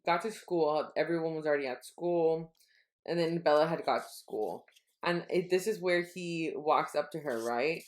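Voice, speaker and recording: A woman's voice: low voice, moderate pace. A woman co-hosting a podcast, casually retelling a book and acting out its quotes with laughs. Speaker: podcast co-host.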